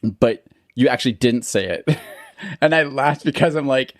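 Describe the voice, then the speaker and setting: A man's voice: mid-range voice, normal speed, no room sound, studio quality. A man co-hosting a casual podcast, telling stories and laughing easily. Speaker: podcast co-host.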